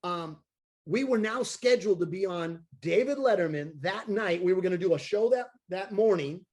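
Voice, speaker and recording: A man, a circus clown and daredevil, telling an animated story on a video call and acting out the voices of the people in it. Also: high voice, normal speed. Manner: excitable, acts out voices of people in his stories.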